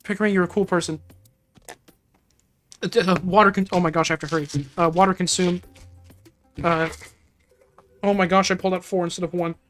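Young adult streamer, casual excitable game commentary, bright forceful tone. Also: mid-range voice, brisk, pauses often, soft background music. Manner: excitable, exclamatory reactions.

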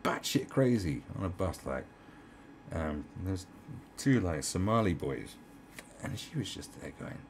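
A man rants in rough, profane bursts, his low voice roughened by a gravelly fry. He swings his pitch widely, jumping up and dropping back as he rambles on. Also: sing-song, unhurried, a little hiss or hum. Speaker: online commentator. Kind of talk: ranting commentary.

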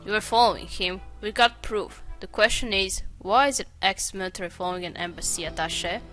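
A brisk male agent from a detective game questions a suspect with dry jokes. A woman reads him aloud in her own voice. Her tone is bright and forceful, with faint music behind. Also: mid-range voice, natural voice. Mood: stern. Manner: wry, joking.

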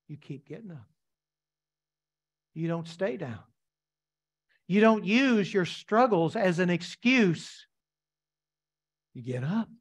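A man's voice: high voice, expressive, slow pace, long pauses, slightly rough. A man preaching a sermon as pastor, emphatic and repetitive, asking the congregation rhetorical questions.

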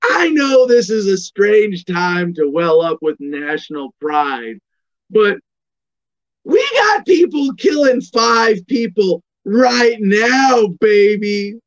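A man doing an impression of an exasperated male comedian, with loud, drawn-out indignation. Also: high-pitched, very animated, lo-fi sound, pitched above the performer's own voice, full character voice. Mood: indignant.

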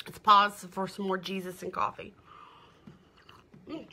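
A woman's voice: medium pitch, level tone, unhurried, bright, forceful tone, a little hiss or hum. A middle-aged woman, doing a chatty live makeup demo and sales stream, gushing and greeting viewers by name. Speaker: makeup seller.

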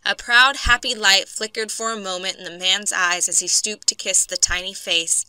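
Woman storyteller, very bright tone, smooth crisp voice, dry close sound. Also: medium pitch, fairly even intonation, no echo. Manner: clear, measured storytelling. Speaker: narrator. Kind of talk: audiobook storytelling for English learners.

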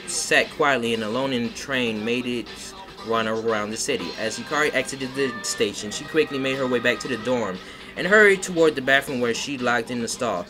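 A man reads a fanfiction aloud for a live-stream audience, slipping into mocking asides. Steady background music plays behind his voice the whole time. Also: medium pitch, low-quality recording. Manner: mocking, breaks off to comment and laugh. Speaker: fanfiction reader.

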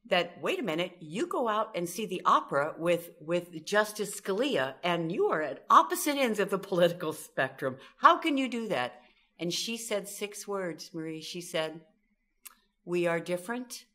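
A middle-aged woman from Southern California, a communication expert giving an interview, telling stories and acting out quoted voices. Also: on the low side. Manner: animated, acts out quoted voices. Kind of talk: storytelling interview talk.

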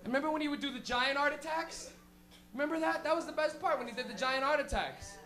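Male stand-up comic, very high voice, rowdy and profane, full of impressions. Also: fast talker. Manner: profane, animated, laughing, acts out characters. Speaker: stand-up comedian hosting. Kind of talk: stand-up comedy. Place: comedy club stage.

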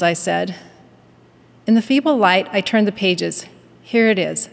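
A woman's voice: mid-range voice, expressive, creaky. Earnest woman in a reverberant hall. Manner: measured, earnest, storytelling. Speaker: devotional speaker at a university. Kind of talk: prepared devotional address with a read-aloud story.

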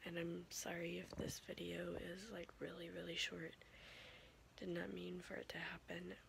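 A sleepy young woman whispering a rambling late-night vlog in a hushed voice, trailing off now and then. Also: on the low side, monotone, moderate pace, gravelly, noisy background. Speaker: vlogger.

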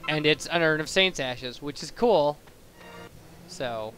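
A young man chats through his game in a bright, slightly high voice, drifting off into digressions and restarting his sentences. He talks into a boosted home microphone. Faint game music runs behind him. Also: slow. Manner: rambling, digressive, self-correcting. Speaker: let's play commentator. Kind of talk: casual gameplay commentary.

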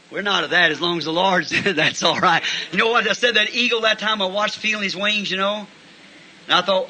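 Folksy preacher, high bright voice. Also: male voice, fast talker, a little hiss or hum, rough recording. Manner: folksy, animated, bursts into shouting. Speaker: pastor. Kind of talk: sermon with storytelling.

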